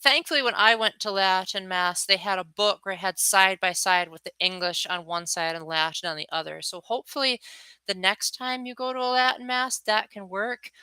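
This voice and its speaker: A woman's voice: mid-range voice, fairly even intonation, moderate pace, pushed and bright, smooth, dry recording, rough recording. A young adult woman chatting casually on her livestream, reacting to viewers and acting out little quotes. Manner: chatty, answers viewers' chat, acts out quotes. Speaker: livestream host.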